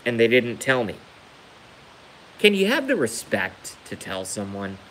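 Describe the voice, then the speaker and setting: A man on a live stream delivers a heated personal rant in a voice of ordinary pitch. He keeps circling back, repeating phrases for emphasis, with a light hiss in the background. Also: huge pitch swings, unhurried, a bit bright, poor audio. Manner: emphatic and repetitive, hammering points home. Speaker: livestreamer.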